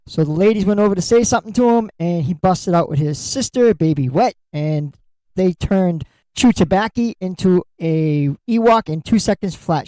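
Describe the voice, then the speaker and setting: A man's voice: high voice, warm tone, dry recording, rough recording. A middle-aged man hosting a solo podcast, talking bluntly and candidly and swearing freely. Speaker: podcast host.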